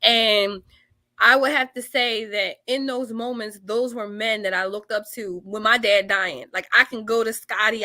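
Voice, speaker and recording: Blunt bright-voiced woman guest. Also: on the high side, no room sound. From Norristown, Pennsylvania. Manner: blunt, emphatic, informal. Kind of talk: casual chat.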